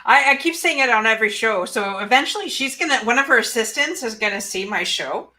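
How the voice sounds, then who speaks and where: A woman's voice: on the high side, animated, a little fast, bright, forceful tone. A woman podcast co-host in casual chat, upbeat and encouraging.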